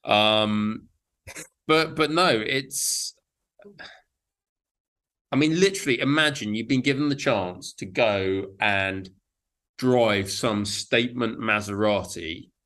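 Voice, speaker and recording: Bright-voiced man. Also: fairly low pitch. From London, England. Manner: halting, self-deprecating, stammers into sentences. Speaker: podcast co-host. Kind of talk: casual chat.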